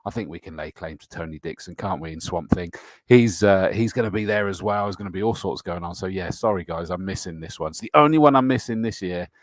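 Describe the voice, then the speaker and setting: A middle-aged English man with a lowish voice chats through a live show, greeting viewers by name and filling gaps with ums and laughs. His comes through in the matey banter. The sound is close and dry, with no room echo. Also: quick pace. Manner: chatty and matey, frequent fillers and laughs. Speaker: host of a motorsport livestream show. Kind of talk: casual live-stream chat reading viewer comments.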